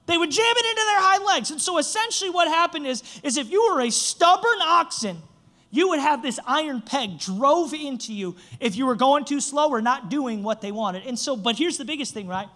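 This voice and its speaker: A man's voice: very high-pitched, lively intonation, normal speed, sharp tone. A young man, a church pastor, preaching a sermon and telling a self-mocking funny story.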